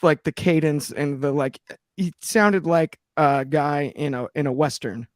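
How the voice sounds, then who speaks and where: Man, co-host, enthusiastic, rambling, fairly high voice, dry sound. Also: no room sound. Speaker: podcast co-host. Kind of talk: casual chat.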